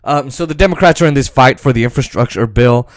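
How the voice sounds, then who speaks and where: A man's voice: medium pitch, quick pace. A man hosting a political commentary podcast, ranting and swearing as he mocks the people he talks about. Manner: ranting, profane, mocking. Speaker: podcast host.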